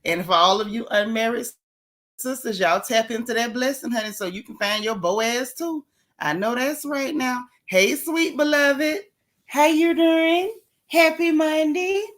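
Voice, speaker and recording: A woman's voice: a little high, normal speed, fairly bright tone. A woman hosting a casual gossip livestream, greeting viewers by name in a chatty, playful way. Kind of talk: casual chat.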